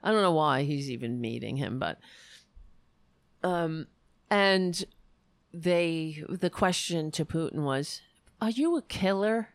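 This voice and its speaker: Woman livestream host, slow-paced, lively pitch, blunt and profane, dry close mic. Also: dry recording. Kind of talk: casual political commentary.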